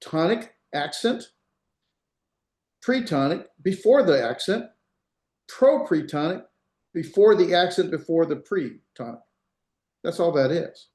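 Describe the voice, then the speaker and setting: A man's voice: a little high, animated, unhurried, long pauses, darkish tone. A man giving a classroom lecture as a Hebrew instructor. He explains step by step, repeats examples and checks that students follow. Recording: roomy echo.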